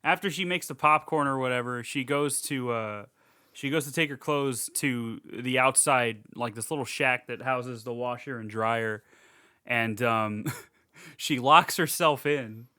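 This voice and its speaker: A man co-hosting a podcast, rambling casually through a movie recap, laughing and throwing in quick character voices. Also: medium pitch, sharp tone, smooth, no room sound, clean studio sound. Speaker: podcast co-host.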